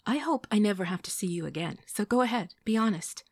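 A woman's voice: mid-range voice, normal speed, darkish tone, no room sound, clean studio sound, voice pushed up, natural voice. A woman voicing a hurt, indignant young woman who presses her ex for answers in a tense, raised voice.

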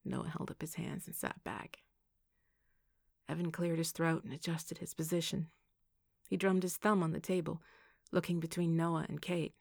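Gravelly woman narrating an audiobook. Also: deep voice, moderate pace, no echo, studio quality. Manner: expressive storytelling, also voicing the heroine Kate. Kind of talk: scripted narration.

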